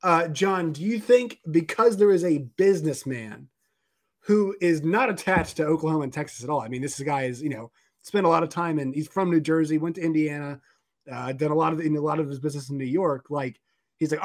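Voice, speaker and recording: A man hosting a casual sports podcast, animated and rambling with lots of fillers. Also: a little high, brisk. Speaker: podcast host.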